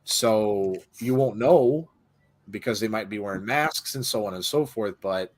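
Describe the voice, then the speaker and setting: A man's voice: lowish voice, measured pace. Casual man rambling through live commentary. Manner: rambling, with stammered restarts. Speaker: host of a live wrestling watch-along.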